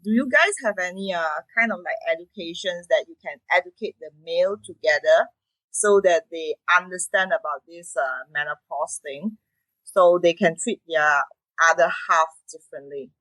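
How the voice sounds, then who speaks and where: Podcast host: woman, lowish voice, halting casual delivery, dry close sound. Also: fairly bright tone, dry recording, low-quality recording. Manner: hesitant, halting with repeated words. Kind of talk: casual interview chat.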